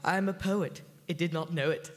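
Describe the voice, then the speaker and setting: A man's voice: a little high, fairly even intonation, fairly quick, a little hiss or hum, natural voice. An actor playing a self-satisfied man who recites a flowery nonsense prayer in a grandiose, theatrical way, in a comedy sketch.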